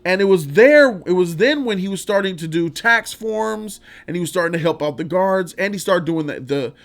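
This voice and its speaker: A man talks through a film in a casual vlog, rambling with restarts and swearing freely. He sounds enthusiastic, and his voice sits a bit high for a man. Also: animated, normal speed. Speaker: vlog host, movie reviewer. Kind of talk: casual movie review vlog.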